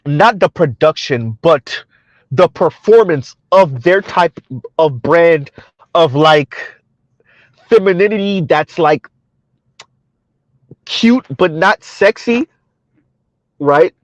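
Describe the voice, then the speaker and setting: A man's voice: on the high side, expressive, slow pace, long pauses, no echo. Man, middle-aged, livestream commentary, colloquial, laughs a lot, muffled sound. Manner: chuckling often, loose and colloquial. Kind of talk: casual livestream commentary, reading chat aloud.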